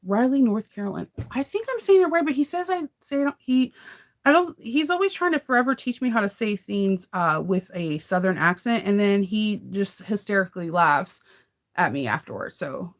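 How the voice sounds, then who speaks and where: A woman's voice: medium pitch, very animated, moderate pace. Woman host, casual live-stream chatter, rambling, giggly. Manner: rambling, chatty, laughs often. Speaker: sewing channel host. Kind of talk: casual live chat with viewers.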